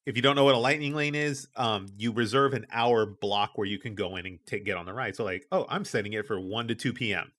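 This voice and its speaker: Lively man telling a story. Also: on the low side, fast talker, few pauses. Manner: animated storyteller, acts out quoted people. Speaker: podcast co-host. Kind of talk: casual storytelling chat.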